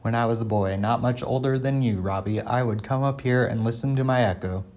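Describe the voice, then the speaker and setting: A man voicing a kindly elderly grandfather in a children's story, gentle and warm as he speaks. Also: mid-range voice, a little fast, lightly acted. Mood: storytelling.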